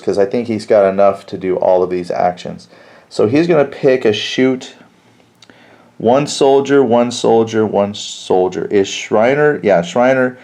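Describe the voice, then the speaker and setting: A man's voice: on the low side, a little mellow. A man thinking aloud as he plays through a tabletop war game alone, counting squares and reading out cards. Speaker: board game player and host. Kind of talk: solo tabletop game playthrough.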